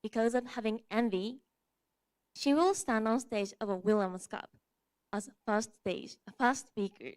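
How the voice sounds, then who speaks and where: A woman speaking in a halting, measured, formal way. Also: fairly high pitch, darkish tone, dry recording.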